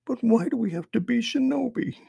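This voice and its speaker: A man voicing an unhappy young boy who speaks in a soft, tearful near-whisper. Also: very high-pitched, brisk, gravelly, husky, dry recording, studio quality, voice pushed up, exaggerated voice. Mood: pleading.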